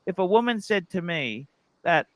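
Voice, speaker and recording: A man's voice: sits high, very animated, moderate pace, a bit bright, no room sound. A man, hosting a livestream, in a profane, berating comic rant. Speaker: livestream host.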